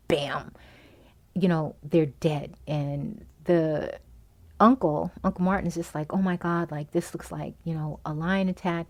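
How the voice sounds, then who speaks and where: A woman's voice: fairly low pitch, darkish tone. A woman hosting a podcast, giving a casual, chatty movie recap full of "you know" and "um", acting out the characters' lines as she retells the plot. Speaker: podcast host reviewing a movie.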